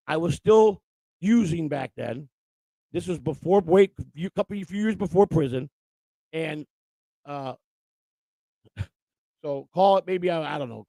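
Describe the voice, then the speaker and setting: Gravelly, animated man telling a rambling story. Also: fairly high pitch, dry recording. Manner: rambling, profane, laughs at his own story. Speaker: show host telling a personal story. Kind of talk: casual storytelling.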